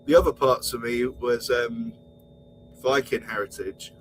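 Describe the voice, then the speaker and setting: A man's voice: mid-range voice, a little slow, slight background noise, low-quality recording. A man co-hosting a podcast, exasperated and heated, swearing as he rants. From England. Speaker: podcast co-host. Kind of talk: casual podcast rant.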